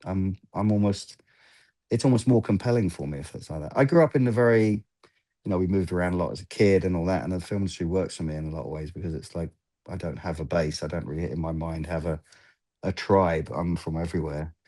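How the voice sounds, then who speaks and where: A man's voice: low voice, fast, warm tone. A man in his fifties, a film lighting gaffer, chatting in an interview and rambling through anecdotes while acting out the exchanges he recalls. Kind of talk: casual interview storytelling.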